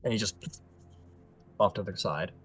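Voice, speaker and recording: A man's voice: lowish voice, moderate pace, a bit bright, slight background noise. A man narrating a tabletop game as game master, casual and hesitant with many fillers.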